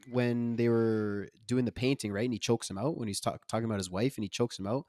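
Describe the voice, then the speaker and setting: A man's voice: mid-range voice, steady tone, fairly quick, mellow, no echo, studio quality. A man co-hosting a podcast, talking casually and with energy about a film, using loose slang. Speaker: podcast co-host.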